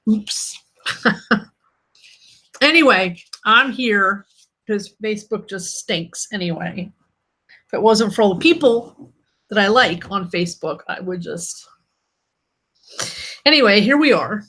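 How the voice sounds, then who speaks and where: A woman's voice: mid-range voice, expressive, takes it slowly, pauses often, pushed and bright, husky. A woman author hosting her own live stream in casual chat, irritated and snarky but laughing it off.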